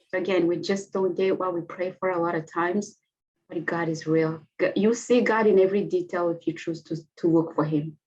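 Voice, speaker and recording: A woman's voice: medium pitch, steady tone, a little fast, darkish tone. A woman in her thirties from Rwanda with a Rwandan accent, a Kinyarwanda speaker, telling her story earnestly as an interview guest, often restarting her sentences. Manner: earnest, heartfelt, with hesitant restarts. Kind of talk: personal testimony in an interview. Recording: dull lo-fi audio.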